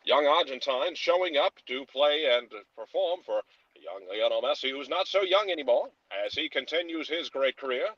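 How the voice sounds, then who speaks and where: A man's voice: expressive, moderate pace, fairly bright tone, no echo, lo-fi sound. A man doing an old-timey newsreel announcer. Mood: rousing. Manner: booming, patriotic, rallying. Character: grandiose male 1940s newsreel announcer.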